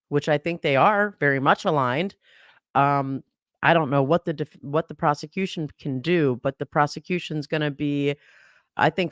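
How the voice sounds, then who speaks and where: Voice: mid-range voice, fairly bright tone, clear, resonant tone, dry recording, studio quality. A guest commentator analyzing a trial in casual podcast talk, who often restarts sentences and laughs in disbelief.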